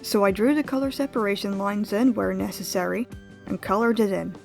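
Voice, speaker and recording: A young woman narrating her own animation project in a calm, reflective vlog voice. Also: mid-range voice, brisk, vocal fry. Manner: flustered, exasperated, laughing and near tears. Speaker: animator vlogger. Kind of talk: vlog narration and screen-recorded reactions. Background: background music.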